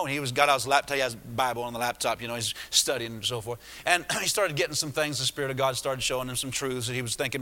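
Bright-voiced preacher in an echoey hall. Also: male voice, mid-range voice, fast talker, few pauses. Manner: rambling retelling with many restarts and asides. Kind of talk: sermon storytelling.

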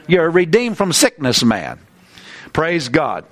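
Male preacher, light high-ish voice, animated sermon delivery with casual asides and restarts. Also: moderate pace.

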